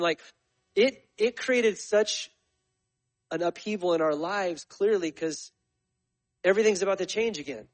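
A man's voice: sits high, poor audio. A man in his forties, a missionary speaking to his church in a conversational, storytelling sermon full of fillers and restarts. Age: 40s. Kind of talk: sermon testimony.

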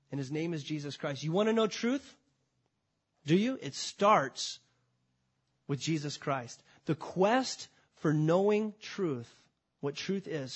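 A man preaching a sermon to a congregation, emphatic, swinging between loud declarations and quiet, drawn-out phrases. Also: fairly high pitch, breathy edge. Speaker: pastor. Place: church before a congregation.

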